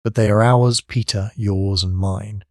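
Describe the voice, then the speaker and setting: A man reading the part of a prim, motherly young girl in an audiobook, gently insistent. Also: on the low side, steady tone, measured pace, dry recording, clean studio sound, lightly acted. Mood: tender.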